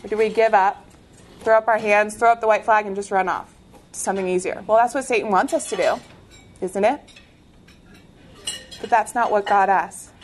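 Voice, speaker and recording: A young woman from the United States giving an inspirational talk, telling her story in an animated way with laughs. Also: medium pitch, normal speed, long pauses, slight background noise. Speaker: speaker sharing a faith testimony.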